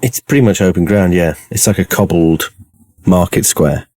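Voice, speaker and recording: A man's voice: low voice, moderate pace, mellow, no echo. A man narrating and running a tabletop horror game in an easygoing, chatty way. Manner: easygoing, laughing. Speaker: game master.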